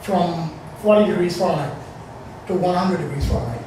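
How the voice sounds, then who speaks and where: A man's voice: high-pitched, a little fast, noisy background. Rambling man in an echoey room. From Bahamas. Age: 40s. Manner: rambling, conversational, with many fillers. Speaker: storyteller. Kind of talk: live personal storytelling. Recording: echoey room, distant mic.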